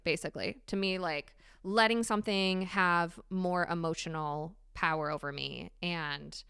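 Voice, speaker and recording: A woman hosting a solo podcast, talking candidly and swearing freely with animated emphasis. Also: on the low side, smooth, no echo, studio quality. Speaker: podcast host. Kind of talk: casual solo podcast monologue.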